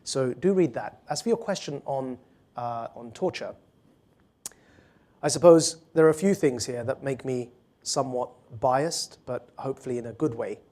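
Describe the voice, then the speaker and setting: At a public talk, a male author appearing as guest speaker fields audience questions, earnest and fluent, restarting quickly now and then. His voice is mid-range and mellow.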